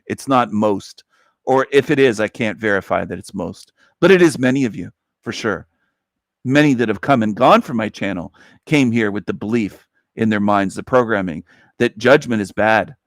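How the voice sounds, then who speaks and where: A man's voice: mid-range voice, dry recording, studio quality. A man hosting a live stream, delivering an emphatic, preachy monologue that circles back and repeats its points. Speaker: livestream host.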